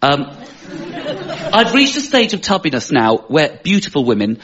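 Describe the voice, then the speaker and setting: A middle-aged man with a posh southern English accent doing self-deprecating stand-up, animated, with stammering restarts. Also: on the high side, moderate pace, a crowd in the background. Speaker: stand-up comedian. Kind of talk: stand-up routine on a panel show. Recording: dull broadcast audio with loud studio audience. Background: loud audience laughter.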